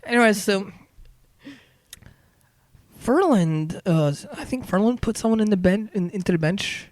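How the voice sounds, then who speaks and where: Animated man chatting about hockey. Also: sits high, measured pace, dry recording. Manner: animated, acts out quotes, trails off and restarts. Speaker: podcast co-host. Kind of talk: casual sports chat.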